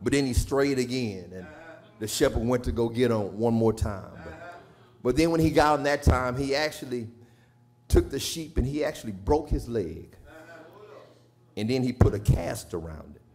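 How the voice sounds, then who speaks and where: A man with a Southern US accent preaching a sermon, moving from quiet storytelling to shouted, sung preaching. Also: medium pitch, lively intonation, normal speed. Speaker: pastor. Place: church sanctuary. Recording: live church stream with organ and congregation.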